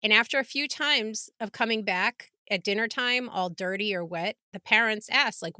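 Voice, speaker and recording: A woman hosting a casual podcast, chatting and telling a story with frequent laughs and quick asides. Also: medium pitch, sharp tone, clean tone, no echo, clean studio sound. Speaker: podcast host.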